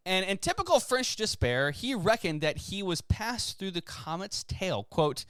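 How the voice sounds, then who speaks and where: Man, podcast co-host, lively up-and-down pitch, dry close sound, trips over long words. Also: moderate pace, few pauses, clean tone, no echo. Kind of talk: reading history articles aloud in casual chat.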